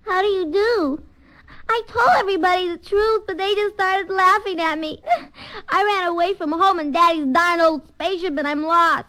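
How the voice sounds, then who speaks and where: A forlorn little space creature chatters in a piercing, very high childlike squeak. The voice is bright and thin, and it whines breathlessly as if it is close to tears. It sounds like a novelty comedy record. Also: female voice, normal speed. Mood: plaintive. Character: small lost alien creature, childlike and forlorn.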